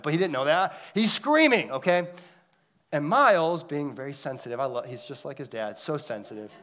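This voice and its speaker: A pastor in his thirties delivers a sermon in a chatty, storytelling way, often checking in with his listeners. His voice sits a little high for a man, and he swings from bright, raised moments down to hushed, quiet phrases. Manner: storytelling, conversational with the congregation; dynamic, swings between loud and hushed.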